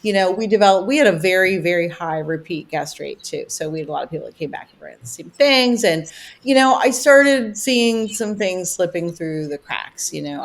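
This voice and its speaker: A woman talking as a podcast guest in casual conversation, chatty and rambling, with plenty of "you know" and animated retellings. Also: on the low side, moderate pace. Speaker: podcast guest, vacation rental owner.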